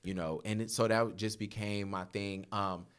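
A man in his thirties, a podcast guest, telling laughing, animated stories in casual chat. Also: fairly low pitch, moderate pace, clean tone. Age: 30s.

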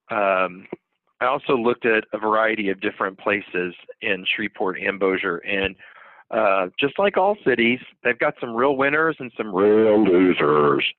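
A man's voice: on the low side, no room sound. Male podcast co-host, folksy rambler, thin phone-band sound. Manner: rambling, folksy storytelling with drawled asides. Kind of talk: casual podcast chat. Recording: dry, tinny phone-like audio.

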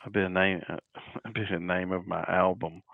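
A man's voice: deep voice, flat delivery, moderate pace, gravelly, no room sound, narrow, tinny audio. A man in a casual podcast chat, telling a loose story and laughing often into a close microphone. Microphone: close studio mic.

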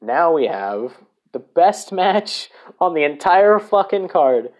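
A man's voice: a little high, very animated, slow pace, a little mellow. A man hosting a casual solo podcast, rambling, swearing and correcting himself as he goes. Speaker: podcast host.

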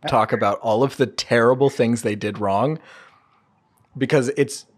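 A young woman in casual chat, telling stories in a chatty, drawn-out way. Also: a bass voice.

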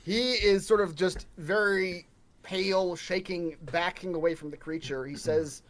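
A man narrating as game master, describing scenes in a halting way with many fillers. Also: sits high, steady tone, a bit bright.

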